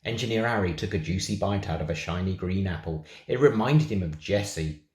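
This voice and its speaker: A man's voice: sits low, brisk, echoey room. A man from England reads a children's picture book aloud for a synagogue, with playful, chatty asides. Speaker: storybook reader for a synagogue.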